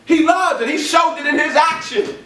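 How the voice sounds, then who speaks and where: A man preaching a sermon, repeating his points with emphasis and building up to shouts. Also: very high voice, moderate pace. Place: church or ministry hall. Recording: echoey room from a distant mic.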